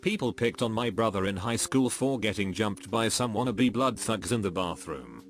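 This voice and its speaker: Male narrator, lower register, even read-aloud delivery over faint music. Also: moderate pace. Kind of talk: reading online stories aloud.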